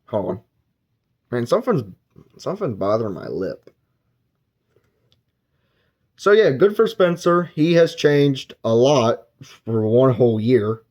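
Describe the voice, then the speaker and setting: A man's voice: mid-range voice, sing-song, takes it slowly, pauses often, darkish tone, highs cut off. A man giving a casual, rambling spoken book review, retelling the plot and briefly acting out characters' lines. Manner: rambling plot recap with filler words.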